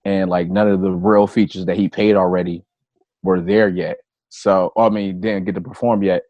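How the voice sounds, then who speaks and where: A man's voice: sits low, little pitch movement, moderate pace, dry recording, lo-fi sound. A comedian on a podcast, a man telling a loose, profane anecdote in casual chat. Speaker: comedian guest.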